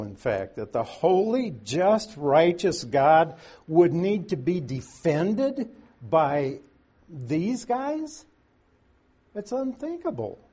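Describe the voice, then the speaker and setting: A man's voice: high voice, mellow, husky. A man teaching through Bible verses in a conversational way, with folksy asides and strong emphasis on key words.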